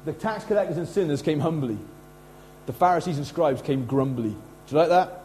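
A middle-aged man preaches in a chatty, animated way, often acting out quotes. His voice sits fairly high for a man but sounds mellow and soft-edged. A faint mains hum runs behind him. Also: brisk, rough recording. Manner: casual, animated preaching with lively acted quotes. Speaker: pastor. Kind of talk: sermon.

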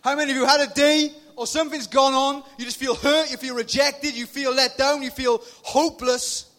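Male youth speaker, forties, very high bright voice, chatty sermon with shouted bursts, on a PA mic. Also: fairly even intonation, normal speed. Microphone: PA microphone.

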